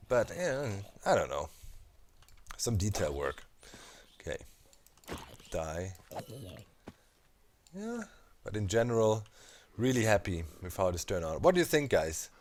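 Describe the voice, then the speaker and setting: A man casually commenting while he builds in a video game, thinking aloud with many fillers and asides. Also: fairly low pitch. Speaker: Minecraft let's player.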